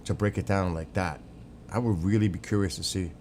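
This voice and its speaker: A man's voice: low-pitched, fairly even intonation, a little fast, a little mellow, slight background noise. A man streaming, giving opinionated, rambling casual commentary and answering chat, swearing now and then. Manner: answers chat viewers by name.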